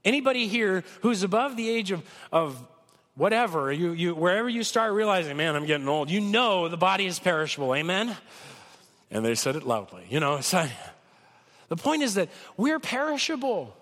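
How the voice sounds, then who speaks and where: A man preaching a sermon with a cold, talking conversationally and swinging from loud peaks to soft lows. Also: sing-song, moderate pace, in a large hall. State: has a cold. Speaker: pastor.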